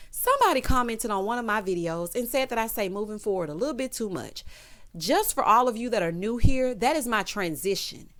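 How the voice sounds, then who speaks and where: A woman hosting a reality TV recap, telling it like a story with sassy, animated commentary and acted-out quotes. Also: medium pitch. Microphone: voice-over without camera.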